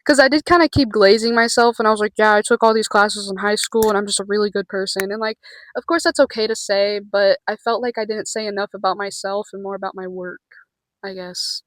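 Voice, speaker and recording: A young woman talks to her camera in a casual vlog, nervous and rambling, with the odd swear word. Her voice sits at an ordinary pitch for a woman and sounds close and dry, with little room around it. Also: fairly even intonation, fairly quick, no room sound, low-quality recording. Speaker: vlogger.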